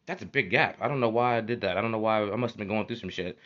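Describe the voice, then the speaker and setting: A man's voice: fairly low pitch, rapid-fire, fairly bright tone. A man hosting a podcast, talking in a heated, profane casual monologue and repeating his phrases for emphasis. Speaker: podcast host. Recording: dull lo-fi recording.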